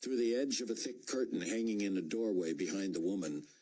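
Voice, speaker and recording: A man reads an audiobook in a measured, storytelling manner. His voice is very deep and husky, yet his intonation rises and falls in a lively way. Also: poor audio. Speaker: audiobook narrator. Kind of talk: scripted narration.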